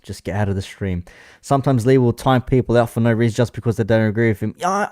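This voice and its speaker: A man's voice: mid-range voice, animated, quick pace, a little mellow, no echo, studio quality. A man talking casually on a live stream, rambling about online chat moderation and swearing freely. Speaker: commentary streamer.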